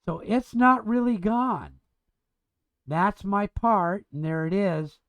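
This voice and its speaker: Speaking slowly in a high, slightly bright voice with lively intonation, he runs an engineering drafting class like an informal chat. He's eager and rambling, frequently starting over and labeling things cool.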